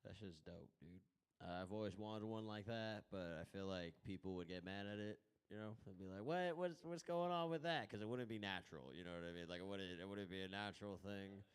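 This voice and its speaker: A man's voice: low voice, fairly even intonation, brisk, clear, resonant tone. A man doing laid-back, chatty stand-up, talking directly to the crowd. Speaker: stand-up comedian.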